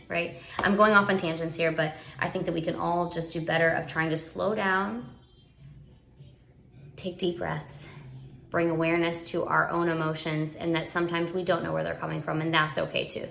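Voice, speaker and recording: A woman's voice: low-pitched, gravelly, a bit bright. A young woman talking earnestly about parenting in a rambling, casual way, full of fillers and restarts. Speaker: parenting vlogger. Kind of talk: casual live video chat. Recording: roomy echo.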